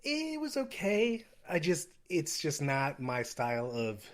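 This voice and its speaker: A man's voice: on the high side, wildly swooping pitch, slow. A young man co-hosting a podcast, laid-back and rambling, often chuckling as he retells scenes. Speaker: podcast co-host. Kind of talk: casual chat.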